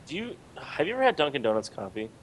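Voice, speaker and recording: A man who is a guest on a podcast, chatting casually and excitably, swearing often and stumbling into restarts. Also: on the high side, quick pace. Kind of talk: casual chat.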